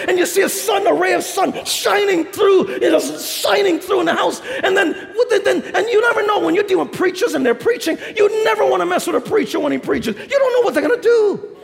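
A male pastor with a New York accent preaching a sermon in a large auditorium, telling stories with laughter and shouted punchlines. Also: extremely high pitch, brisk, creaky, hardly any pauses, in a large hall.

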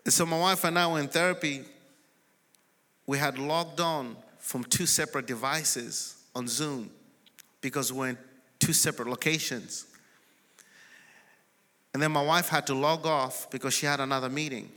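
A man, a pastor, preaching a sermon in a large church and building to shouted declarations. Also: on the high side, fairly even intonation, moderate pace, pauses often, in a large hall. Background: congregation responding.

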